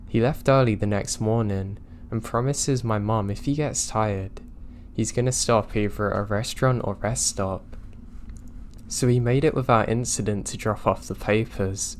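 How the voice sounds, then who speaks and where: Low-voiced man narrating horror stories. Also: a little hiss or hum. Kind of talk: scripted narration of reader-submitted stories.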